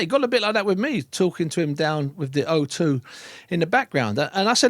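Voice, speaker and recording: Animated man, dry close sound. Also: no echo. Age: middle-aged. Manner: animated, quick to chime in, with emphatic swings in pitch. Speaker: boxing broadcaster. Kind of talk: casual podcast chat.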